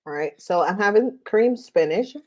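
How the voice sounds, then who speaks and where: A woman's voice: medium pitch, lively intonation, unhurried. A woman tarot reader chatting casually while eating, rambling with many fillers.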